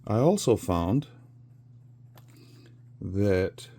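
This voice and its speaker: Slow deep-voiced older man rambling. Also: very animated, mellow. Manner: rambling, chuckling, many fillers. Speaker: resin crafter. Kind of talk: casual storytelling while crafting.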